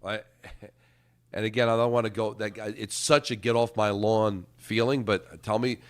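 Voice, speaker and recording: A man's voice: lowish voice, steady tone, moderate pace. A middle-aged man, hosting sports talk radio and rambling, repeating words as he thinks.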